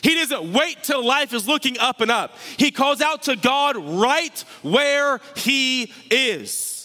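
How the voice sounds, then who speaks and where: A man delivers a sermon with a notably high, bright voice. He drives his points home by repeating phrases and building intensity, and the sound carries the long reverb of a large church hall. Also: animated, slow pace. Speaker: pastor.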